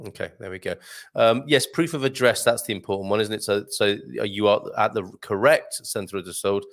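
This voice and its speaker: A man's voice: fairly low pitch, steady tone, fairly quick. Chatty man hosting a live morning show. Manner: chatty, jokey, reads comments aloud. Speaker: host. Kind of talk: live show chat reading viewer comments.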